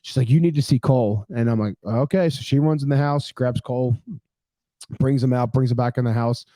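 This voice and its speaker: Animated storytelling man, mellow voice. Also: medium pitch, brisk, dry recording, clean studio sound. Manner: animated storyteller, acts out quotes, swears casually. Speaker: podcast co-host. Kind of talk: casual storytelling chat.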